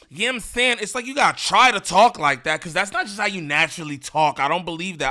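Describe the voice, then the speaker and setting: A man hosting a commentary channel, talking in an animated, rambling, slangy way with lots of repeats. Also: high voice, a little fast. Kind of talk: casual reaction commentary.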